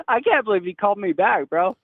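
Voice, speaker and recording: Over a tinny phone connection, a caller to a podcast rambles defensively before trailing off. His high-pitched voice comes through in a dry recording.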